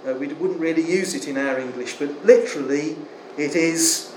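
A man preaching a sermon in an earnest, emphatic way, slowing to stress key words. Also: fairly high pitch. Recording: echoey room, faint air conditioning hum.

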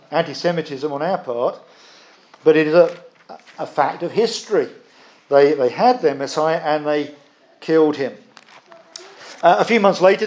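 Earnest male preacher, higher-pitched voice, emphatic sermon delivery with deliberate pauses. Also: a little mellow.

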